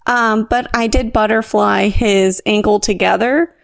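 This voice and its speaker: A woman co-hosting a podcast, telling a story in a lively, self-mocking way with acted-out quotes. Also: mid-range voice, unhurried, creaky, no echo. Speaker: podcast co-host. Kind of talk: casual chat, comic storytelling.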